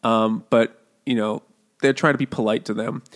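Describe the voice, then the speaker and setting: A man with a mid-range, steady voice co-hosts a book podcast at a normal speed. He rambles through the plot making crude jokes, laughs often, and puts on voices for the characters in this comedic book chat.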